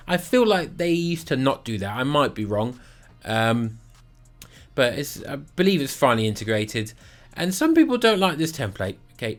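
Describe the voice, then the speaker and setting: Blunt, sweary man rating kits. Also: fairly high pitch. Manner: blunt, sweary, sarcastic, jokey. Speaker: football kit reviewer. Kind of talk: casual rating vlog.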